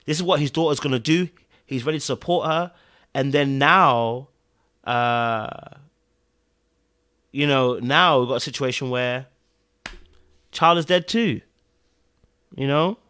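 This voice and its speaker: A man hosting a podcast, giving emotional, animated commentary on a TV episode, sighing and swinging between loud bursts and quiet murmurs. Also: medium pitch, a little slow, pauses often, clear, resonant tone. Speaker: podcast host reviewing a TV episode.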